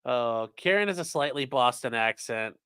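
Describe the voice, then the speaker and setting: A man's voice: medium pitch, animated, moderate pace, bright, forceful tone, clean tone. A man hosts a casual live stream in a mid-range voice. He rambles and makes sarcastic jokes. He also reads viewer chat aloud as he reacts. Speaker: streamer host reacting to trial news.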